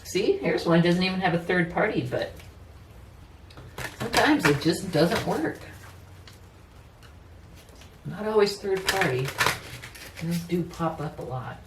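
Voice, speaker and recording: A woman's voice: on the low side, lively intonation, unhurried, pauses often, noisy background. A woman giving a casual tarot reading, chatty and personal, often saying "you know" and laughing easily. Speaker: tarot reader. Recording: roomy echo, mic at a distance, faint ambience.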